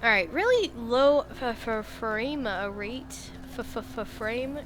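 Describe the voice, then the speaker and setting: A woman's voice: a little high, takes it slowly, slight background noise. A woman streamer giving casual, joking gameplay commentary and laughing often. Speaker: game streamer.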